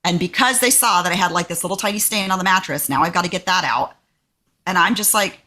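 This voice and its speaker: A woman's voice: on the low side, fast talker, pushed and bright. A woman co-hosting a podcast, telling an everyday story in a chatty, exasperated way. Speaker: podcast co-host. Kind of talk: casual chat.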